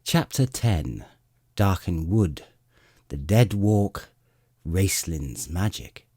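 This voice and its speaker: A man narrating a fantasy audiobook with expressive storytelling. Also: low voice, very slow, slightly rough, no echo, studio quality.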